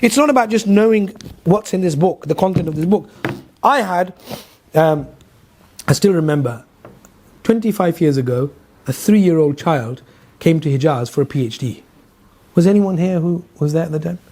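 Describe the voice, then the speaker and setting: A middle-aged London man, an Islamic teacher, leads a Quran class conversationally, asking his listeners questions and weaving in stories. His voice is fairly high and expressive, with a warm tone, a moderate pace and frequent pauses. There's a slight hiss or hum on the recording.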